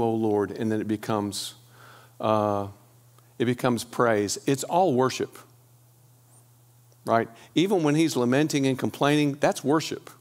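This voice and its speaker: A man delivers a sermon in a church, moving between scripture reading and plain, chatty explanation. His pitch sits in the middle range. He often checks in with the congregation and restarts his sentences as he talks. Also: darkish tone. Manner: reads scripture aloud, then breaks off to explain it; conversational, with restarts and "okay?" asides to the congregation. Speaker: preacher.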